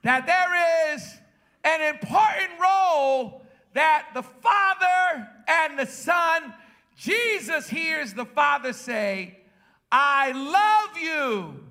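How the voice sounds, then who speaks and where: A pastor preaching a sermon to his congregation. He calls out to the crowd and builds up into shouts. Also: very high-pitched, animated, takes it slowly. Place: church.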